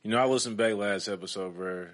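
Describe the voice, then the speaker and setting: A man's voice: lowish voice, fast talker. A man co-hosting a podcast in casual chat, loose and laughing, with lots of fillers. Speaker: podcast co-host.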